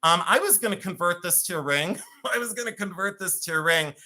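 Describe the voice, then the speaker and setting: A man's voice: high voice, animated, brisk, bright, forceful tone. Joking Cleveland man selling jewelry live. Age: 50s. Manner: joking, rambling, laughs often. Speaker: live-stream jewelry seller. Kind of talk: chatty live-sale banter.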